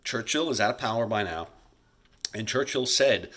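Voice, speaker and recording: Chatty low-voiced man teaching history. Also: animated, a bit bright. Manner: casual, chatty, talks to students as guys, acts out leaders in quick voices. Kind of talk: recorded history lecture over slides. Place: home, recording alone during school shutdown.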